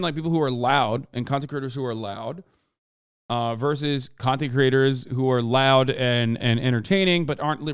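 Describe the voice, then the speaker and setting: A man's voice: mid-range voice, clear, resonant tone, dry recording, studio quality. A man in his thirties streaming casual reaction commentary, rambling with many fillers and restarts, swearing and now and then bursting out in exasperation. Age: 30s.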